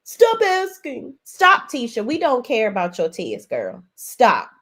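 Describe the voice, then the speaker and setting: A woman's voice: medium pitch, huge pitch swings, unhurried, bright, forceful tone, husky. A woman hosting a reality TV recap, talking in a sassy, profane, emphatic way. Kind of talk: casual profane commentary.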